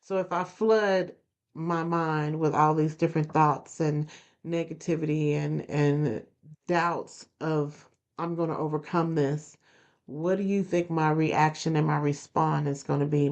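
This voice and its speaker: A woman's voice: deep voice, steady tone, measured pace, creaky, a little mellow. A woman hosting a podcast, talking earnestly to listeners and repeating phrases for emphasis. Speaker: podcast host. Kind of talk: motivational podcast talk. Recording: dull lo-fi recording.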